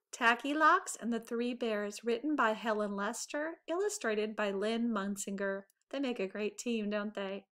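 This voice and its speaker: A woman teacher reading a children's picture book aloud in an expressive storytelling voice. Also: on the high side.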